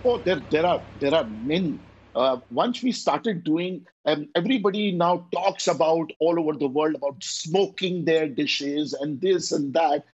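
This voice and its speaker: A man's voice: a little high, lively intonation, unhurried, slightly rough. A man with an Indian accent, a chef, telling stories about his dishes in a conversational interview and slipping Hindi into his English. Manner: storytelling, mixes Hindi into English, repeats words. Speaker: chef and restaurateur. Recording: dull lo-fi sound.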